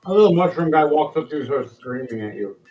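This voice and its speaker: A man narrating as game master in a relaxed, chuckling way. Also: fairly high pitch, quick pace, faint music behind. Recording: distant, dull roomy mic.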